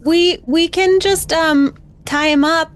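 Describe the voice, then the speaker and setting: A woman playing a tabletop game with slow, playful quips. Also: extremely high pitch, fairly even intonation. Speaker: player. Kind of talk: casual tabletop play.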